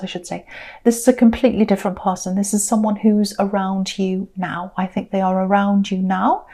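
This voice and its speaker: A woman's voice: mid-range voice, warm tone. A woman giving a casual tarot reading, chatty and searching, often repeating herself as she works out the cards. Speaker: tarot reader.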